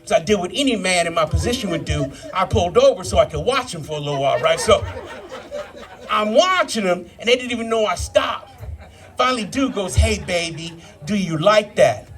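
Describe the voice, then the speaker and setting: A man's voice: high-pitched, expressive, a little fast, a bit bright. A man in his fifties doing a live stand-up set, telling profane stories and working the crowd. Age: 50s. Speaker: stand-up comedian. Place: live brew pub comedy show.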